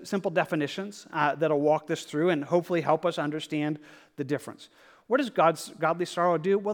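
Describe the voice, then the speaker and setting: A male pastor preaching a verse-by-verse sermon in a fairly high voice. He talks earnestly and conversationally, slipping into the inner voice of a struggling believer. He trips over his words and restarts often. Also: a bit bright. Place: church sanctuary.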